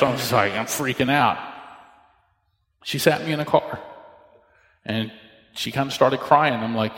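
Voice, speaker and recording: A man's voice: medium pitch, normal speed, long pauses, fairly bright tone. A male pastor preaching a sermon, telling stories and acting out the dialogue in different voices. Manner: storytelling, acts out dialogue with shifting voices. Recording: echoey hall with long reverb.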